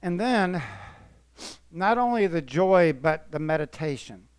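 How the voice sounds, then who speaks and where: Earnest, emotional preacher man, smooth voice. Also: fairly high pitch, animated, measured pace, no room sound. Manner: emotional, earnest, swells and drops in volume. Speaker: pastor. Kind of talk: sermon.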